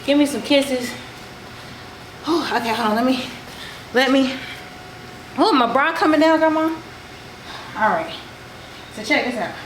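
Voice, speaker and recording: A woman's voice: high-pitched, measured pace, long pauses. A woman vlogging her family at home, chatting casually and playfully quizzing her relatives on camera. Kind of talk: casual chat. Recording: echoey room with background noise.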